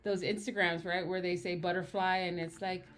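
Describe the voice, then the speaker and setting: A woman's voice: on the low side, flat delivery, normal speed, fairly bright tone, slight background noise. A woman from Guam and Hawaii chatting casually on a livestream, laughing easily and searching for words.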